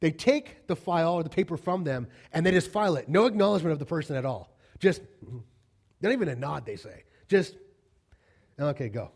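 A man preaching a sermon, talking casually to the congregation and building to loud, passionate peaks. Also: fairly high pitch, animated, a little fast. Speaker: pastor. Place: church.

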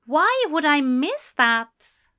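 A woman's voice: very high voice, very slow, fairly bright tone, voice pushed up, exaggerated voice. A woman voicing a prim, fond male angel in a fan fiction reading, full of puzzled questions and exclamations. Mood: baffled.

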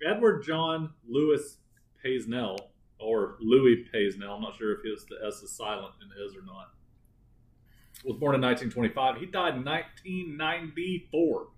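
A man's voice: medium pitch, moderate pace, poor audio. A man co-hosting a casual true-crime podcast, joking and cursing as he talks. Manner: joking, crude, laughing often. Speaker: podcast co-host.

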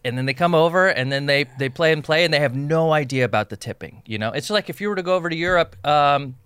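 A man co-hosting a casual podcast, joking and animated as he tells anecdotes. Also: on the high side, fast talker, smooth, no echo. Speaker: podcast co-host. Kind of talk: casual chat.

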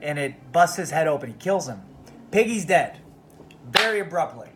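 A man's voice: on the high side, sing-song, moderate pace, a bit bright, a little hiss or hum. Profane, rambling man retelling a book. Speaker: podcast host. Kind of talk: comedic book report.

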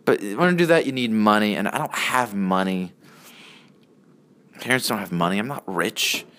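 A man in his early twenties, a vlogger, gives a rambling solo monologue full of profanity, often cutting himself off. His voice is on the low side and fairly bright, at a moderate pace.

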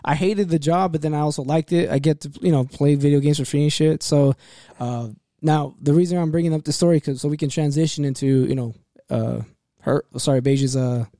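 A man's voice: fairly high pitch, steady tone, brisk, warm tone, no room sound, studio quality. A young man co-hosting a casual chat, telling a workplace story in a rambling way with many fillers and restarts. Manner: rambling, full of fillers and restarts, acts out voices in quotes. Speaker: podcast co-host telling a story.

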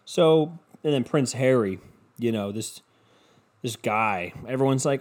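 A man's voice: medium pitch, a little slow, darkish tone. A young man from the United States ranting casually, sarcastic and profane, mocking his topic.

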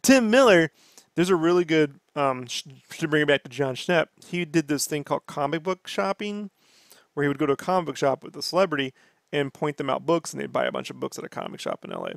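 A man's voice: on the high side, very animated, fairly quick, vocal fry, dry recording. Profane ranting man, dry close mic. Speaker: podcast host. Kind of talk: casual podcast chat.

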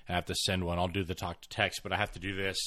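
A man's voice: low voice, level tone, very fast, bright, forceful tone, no room sound, clean studio sound. A middle-aged man co-hosting a podcast in casual chat, who laughs often and speeds through parts of words. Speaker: podcast co-host. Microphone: close studio mic.

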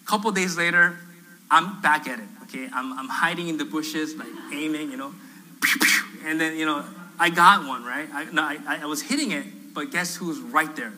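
Animated, bright-voiced male pastor. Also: on the high side, fairly quick, slight background noise, rough recording. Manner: animated, acts out quoted voices, self-deprecating humor. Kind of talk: storytelling sermon. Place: church sanctuary.

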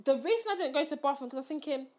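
A woman's voice: sits high, racing, a little mellow. A young woman telling a story in casual chat, acting out the quotes with rising squeals.

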